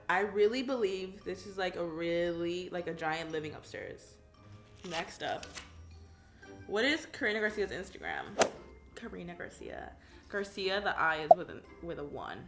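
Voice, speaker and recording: A woman's voice: medium pitch, roomy sound. A woman in her twenties from California, chatting casually and reading questions aloud with a bubbly manner, filling her talk with "like". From California, USA. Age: 20s. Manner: chatty and bubbly, heavy use of "like", giggles at her own answers. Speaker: YouTube crafts creator.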